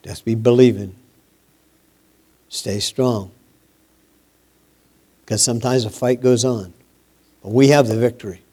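A male preacher delivers a sermon at an unhurried pace. His voice is warm and dark in tone, with emphatic repetition and phrases that trail off quietly. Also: mid-range voice, steady tone, slightly rough. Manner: slow, emphatic preaching with repeated phrases and dropping voice.

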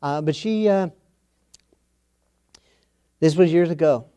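A middle-aged man preaches a sermon, spinning a homespun family story in a folksy style and repeating phrases for emphasis. His voice is fairly high, smooth and warm, and he speaks at a slow pace.

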